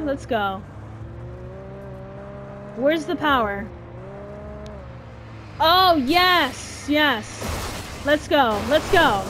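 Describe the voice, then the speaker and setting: A woman commenting on her own game playthrough in a casual, exasperated way. Her voice sits high and she talks slowly. A steady wash of noise and game sounds runs under her. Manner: chatty, exasperated, exclaiming at the game. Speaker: gaming channel host. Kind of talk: casual let's-play commentary.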